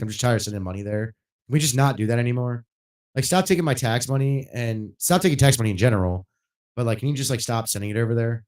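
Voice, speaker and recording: A man ranting casually and bluntly while streaming a game, swearing often and getting louder when worked up. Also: mid-range voice. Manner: blunt and profane, rising loud when worked up. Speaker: gaming livestreamer.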